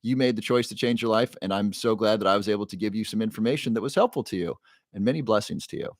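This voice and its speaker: A man's voice: fairly low pitch, fast talker, no echo, clean studio sound. A man hosting a casual livestream, greeting viewers by name and reading chat in an upbeat way. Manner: upbeat, reads out chat names, playful roars. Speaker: livestream host, neuroscientist.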